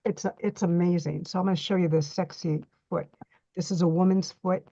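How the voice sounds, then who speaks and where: A woman's voice: lowish voice, fairly even intonation, fairly quick, dark tone, no echo, dull audio. A middle-aged woman teaching a hands-on reflexology workshop, chatty and folksy as she demonstrates on a model foot.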